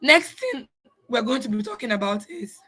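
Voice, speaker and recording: A woman's voice: a little high, animated, moderate pace, pushed and bright, husky, poor audio. A woman teaching parents of children with special needs, in an earnest, repetitive way. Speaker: parenting coach. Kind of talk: informal teaching talk.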